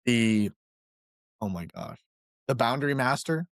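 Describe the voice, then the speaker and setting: A man co-hosting a podcast in casual chat, telling stories with animated delivery and acted-out voices. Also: medium pitch, unhurried, no room sound, studio quality. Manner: animated storyteller, voices characters in jokes. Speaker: podcast co-host.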